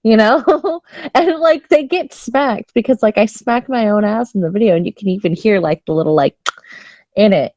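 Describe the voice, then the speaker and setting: A woman's voice: a little high, normal speed, a little mellow, dry recording. Candid chatty woman, lo-fi dry sound. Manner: chatty, candid, bawdy, many restarts. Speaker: podcast co-host. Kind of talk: casual chat.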